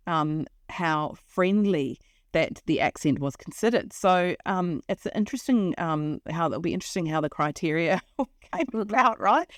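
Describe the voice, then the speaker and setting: A woman's voice: lowish voice, dry recording, studio quality. Bubbly New Zealand woman podcast host. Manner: bubbly, laughs a lot, with many fillers. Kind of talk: casual chat.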